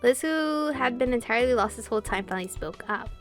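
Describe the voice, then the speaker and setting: A young woman streamer reading a visual novel aloud, with giggly, excitable reactions. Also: on the high side, fast talker. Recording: faint game music behind.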